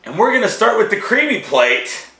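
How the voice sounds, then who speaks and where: A man hosts a casual food-tasting video, joking and stretching out his reactions. His voice is bright and slightly high, and it rises and falls a lot. The sound carries the echo of a bare room. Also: gravelly. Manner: animated, joking, drawn-out reactions. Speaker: show host. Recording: echoey room.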